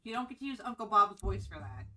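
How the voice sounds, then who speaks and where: A woman's voice: mid-range voice, sing-song, fast talker, sharp tone. A woman bantering casually and teasingly with the game master, blunt and playful.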